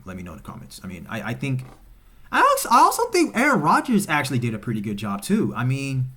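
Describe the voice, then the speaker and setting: On his own football channel, a man rants unscripted to camera, profane and heated. He repeats himself and lurches between low mutters and loud outbursts.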